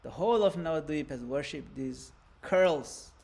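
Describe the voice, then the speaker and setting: A man's voice: a little high, lively intonation, a little slow, gravelly, darkish tone. A man voicing a humble village barber who pleads in distress. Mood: distraught.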